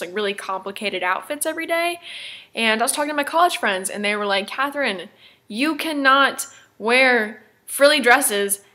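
A woman's voice: mid-range voice, pushed and bright. A young woman chatting casually in a haul vlog, talking about her purchases and filling her speech with "like". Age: young adult. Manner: chatty, lots of "like" fillers. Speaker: fashion vlogger.

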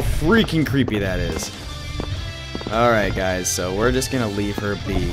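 A man plays through a horror game from his home studio, talking slowly between jolts of panic. He screams and swears loudly when startled. Game music plays clearly under his voice. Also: lowish voice, animated. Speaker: gaming YouTuber. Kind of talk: horror game let's play commentary. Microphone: desk mic, no webcam. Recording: game music playing behind.

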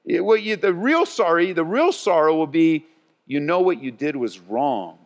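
A male pastor preaching a sermon, swinging between loud and hushed delivery. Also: a little high. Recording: long church hall reverb.

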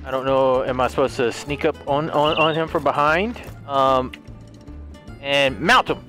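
A young man with a high, bright voice commentates his own gameplay. His delivery swings widely up and down, excitable and playful, with casual swearing. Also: a little slow, faint music behind. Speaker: gaming YouTuber.

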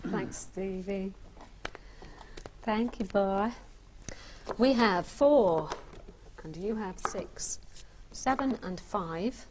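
A woman co-presenting a quiz show, calling out the numbers briskly and cheerfully and checking the contestants' working. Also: medium pitch, background noise.

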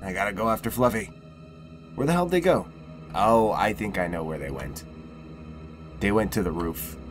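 A man's voice: fairly low pitch, expressive, moderate pace, faint music behind. A young man commentating casually on a horror game, swearing often and getting exasperated. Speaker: gamer. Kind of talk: let's play commentary.

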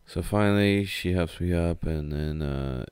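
A man's voice: low voice, a little slow, darkish tone, smooth, no echo. A young man telling a casual, rambling story with heavy swearing and a laid-back way of talking.

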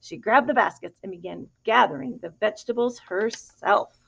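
A woman reading a picture book aloud to a child in an animated, expressive way, pausing to ask questions. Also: medium pitch, vocal fry, breathy edge. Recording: dull lo-fi recording.

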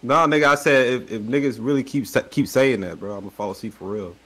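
A man's voice: medium pitch, fast, a bit bright. A young man, a streamer, talking bluntly and dismissively in slang with friends on a gaming stream. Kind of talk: casual group chat on a gaming stream.

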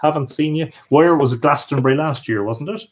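A man's voice: fairly high pitch, fairly quick, a little hiss or hum. An Irish man hosting a live stream, chatting casually as he reads out and answers viewer comments, with frequent hesitations. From Ireland. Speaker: livestream host.

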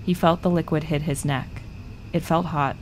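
A woman calmly narrating a scripted piece of narrative journalism. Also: low-pitched, normal speed, heavy background noise.

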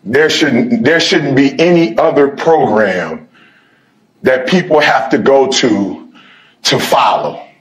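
A middle-aged man giving a motivational speech to a sports team, switching between fiery shouted exhortation and laid-back storytelling. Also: mid-range voice, lively intonation, slow pace. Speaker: motivational speaker.

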